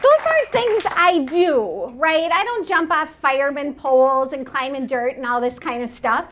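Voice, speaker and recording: A woman's voice: high-pitched, animated, normal speed, a bit bright, a faint crowd, slight background noise. A woman in her forties giving an inspirational keynote talk on stage, telling her story earnestly with self-mocking humor. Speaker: motivational speaker. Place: event stage before an audience.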